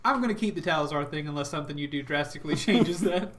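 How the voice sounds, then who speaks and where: A man narrating a tabletop battle as dungeon master, with a slightly high voice. He lays out brutal, gory action in vivid detail and keeps breaking into laughter. There is a faint hiss behind him. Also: quick pace, fairly bright tone.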